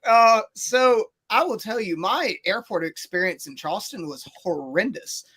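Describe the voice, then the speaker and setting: A man telling a long story on a casual podcast, animated and rambling, with many fillers and restarts. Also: sits high, measured pace, slightly rough.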